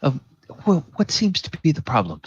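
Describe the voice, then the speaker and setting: A man voicing a kindly older priest who speaks in a gentle, reassuring way. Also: on the high side, huge pitch swings, moderate pace, husky, dry recording, dull audio, voice pushed up, heavily acted. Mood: welcoming. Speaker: priest character.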